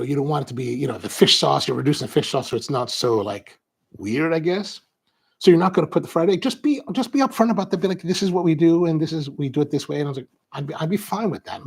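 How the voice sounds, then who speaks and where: A middle-aged coffee vlogger from the suburban Baltimore area tells a casual, rambling story, often stopping and restarting, sounding amused and interrupting himself. His mid-range voice has vocal fry, a darkish tone, and a breathy edge.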